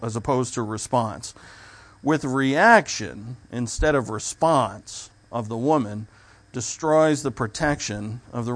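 Male preacher, mid-pitch, talks easily and restarts his sentences. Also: a bit bright. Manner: conversational preaching with restarts and asides. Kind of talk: sermon.

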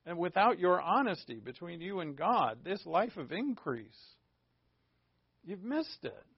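Pastor, male, higher-pitched gravelly voice, chatty sermon with rhetorical questions, dull dry lo-fi recording. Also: big pitch swings, unhurried, no echo. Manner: rhetorical questions, informal asides. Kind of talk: conversational sermon.

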